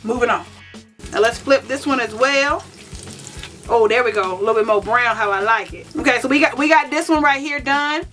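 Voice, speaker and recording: A woman's voice: fairly high pitch, brisk, a bit bright. Woman w/ cooking at home, talks to "y'all" nonstop, kinda far from the mic. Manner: chatty, self-mocking, talks straight to viewers as "y'all". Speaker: vegan cooking channel host. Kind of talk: casual cooking vlog chat. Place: home kitchen. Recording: distant mic with faint music.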